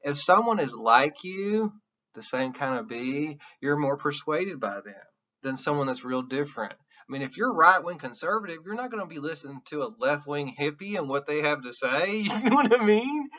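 A Southern-accented man lectures a class casually and bluntly, swearing freely. His voice is bright and edgy, and the recording sounds dull and lo-fi. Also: on the high side, expressive, moderate pace. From American South. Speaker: college instructor.

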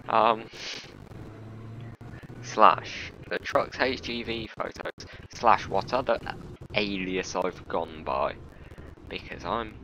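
A young man talks through a headset mic, commenting on his own gameplay in a dry, self-mocking monotone. His voice sits very low and gravelly, and he speaks slowly. Faint game sounds play underneath. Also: muffled recording, a little hiss or hum. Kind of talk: rambling solo gameplay commentary.

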